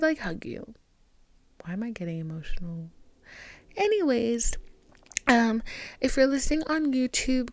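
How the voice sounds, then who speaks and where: A woman's voice: fairly high pitch, dry recording. Candid young woman podcaster, dry close sound. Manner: candid, rambling, filler-heavy, drifts into soft whispers. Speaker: podcast host. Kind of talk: casual solo podcast monologue.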